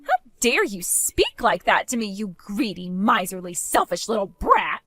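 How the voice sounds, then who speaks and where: A woman's voice: medium pitch, big pitch swings, measured pace, pushed and bright, no room sound, faint music behind, full character voice. A woman voicing a greedy, entitled young sister-in-law with a whiny, sing-song, demanding manner in a voiced story drama. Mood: scheming.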